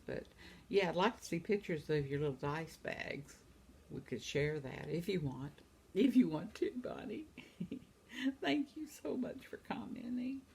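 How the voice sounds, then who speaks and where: A woman in her seventies chatting casually at home, reading out viewer comments and laughing often. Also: low voice. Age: 70s. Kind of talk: casual chat.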